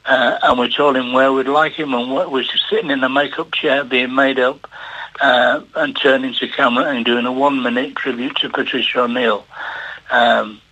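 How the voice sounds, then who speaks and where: An older man, a television producer, telling a story on the radio with halting repeats and lively delivery. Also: medium pitch, highs cut off. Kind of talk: anecdotal storytelling.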